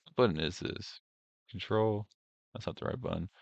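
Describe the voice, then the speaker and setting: A man's voice: lowish voice, normal speed, vocal fry, no room sound. A young man hosting a casual reaction stream, rambling and profane, mocking what he watches with lots of filler words. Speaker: streamer host. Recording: dry, dull lo-fi stream audio.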